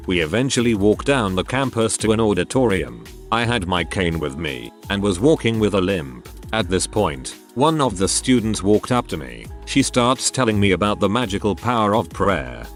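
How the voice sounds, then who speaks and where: Low, lively male story narrator. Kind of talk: scripted narration of online stories.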